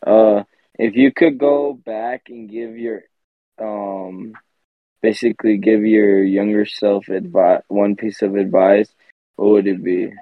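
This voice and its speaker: A man in casual chat, giving brief replies and slowly reading out a question. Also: fairly low pitch, steady tone, dry recording. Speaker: podcast co-host. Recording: dry, tinny phone-like call audio.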